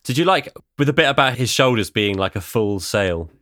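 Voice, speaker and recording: A man's voice: medium pitch, animated, a little fast, a bit bright, no room sound, clean studio sound. A man co-hosting a casual chat, teasing his friend and laughing easily. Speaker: podcast co-host.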